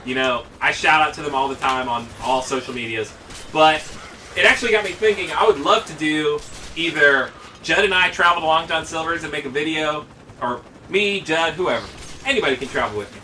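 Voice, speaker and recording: Man, casual let's-play commentator, very bright tone, slightly raised pitch, rambling and profane, mic a bit distant. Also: animated, brisk, slight background noise.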